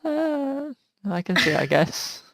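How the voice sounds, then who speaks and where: A woman's voice: sits high, sing-song, unhurried, gravelly, fairly bright tone, dry recording. A woman co-hosting a podcast in casual chat, giggly and playful with dry remarks. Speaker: podcast co-host.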